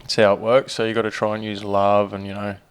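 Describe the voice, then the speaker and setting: A man's voice: lowish voice, little pitch movement, quick pace, smooth. A man in casual podcast chat, laid-back, with many fillers and casual swearing. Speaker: podcast co-host, stepdad.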